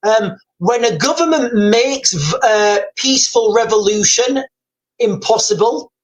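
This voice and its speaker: A man's voice: high-pitched, lively intonation, unhurried, poor audio. A man hosting a live stream, talking casually, rambling and repeating himself as he reads out viewer comments.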